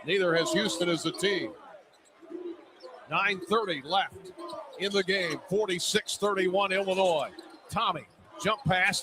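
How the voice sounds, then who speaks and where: A man announcing a basketball game play-by-play, quick and rising to excitement on big plays. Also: high-pitched, background noise. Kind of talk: radio-style basketball play-by-play. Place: arena broadcast position.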